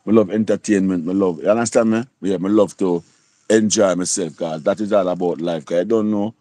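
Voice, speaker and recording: A Jamaican man in his sixties hosts a casual livestream chat. His voice is low, warm and mellow, and it sounds dry and close to the mic. He rambles, repeating "you see?" and "you copy?" again and again. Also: steady tone, a little fast, no room sound. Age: 60s. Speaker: livestream host.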